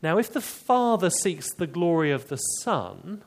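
A man's voice: on the high side, very animated, unhurried. A man preaching an expository sermon, emphatic and explanatory, with rhetorical questions to the congregation.

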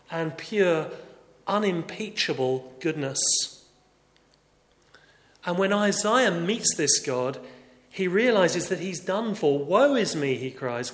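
An earnest preacher delivers his sermon, his fairly high voice climbing for emphasis and then sinking to a hush. The sound is roomy, with a long reverb carried through a large church hall. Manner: earnest, shifting between raised emphasis and quiet reflection.

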